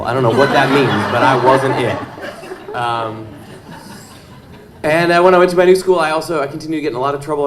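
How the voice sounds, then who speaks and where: A man on an author panel at a live event, telling a story with humor and frequent ums. He slips into the voices of the people he quotes. The voice sits in a middle register, with a faint hiss of room noise behind it. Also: mid-range voice. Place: event hall with audience.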